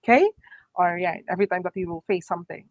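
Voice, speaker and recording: A woman teacher with a Filipino accent giving a quick online review lecture, often checking in with "okay?" and slipping into Tagalog phrases. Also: lowish voice, dry recording, rough recording. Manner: brisk, repeats "okay?" and "my dear students"; mixes English with Tagalog phrases.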